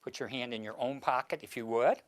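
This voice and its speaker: A man's voice: mid-range voice, fairly quick. A man performing mentalism on stage, giving the audience theatrical instructions and sometimes stumbling over his words.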